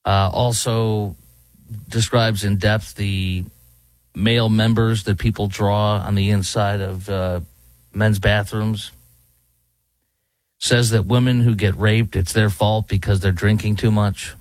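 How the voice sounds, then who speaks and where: A man's voice: on the low side, level tone, takes it slowly, dry recording. Brief: male talk host, fired-up rambling opinion, dry close sound. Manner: indignant, emphatic, rambling with fillers. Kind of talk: opinionated commentary.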